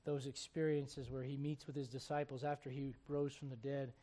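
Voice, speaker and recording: A man's voice: medium pitch, little pitch movement, moderate pace, warm tone. A man preaching a sermon as pastor, retelling scripture stories in casual everyday speech. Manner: storytelling preacher, voices biblical figures in casual speech.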